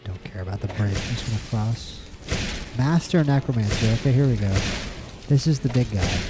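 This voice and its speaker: A man's voice: medium pitch, expressive, normal speed. A man giving casual, rambling gameplay commentary as a streamer, playful and prone to repeating words in bursts. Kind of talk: casual let's-play commentary.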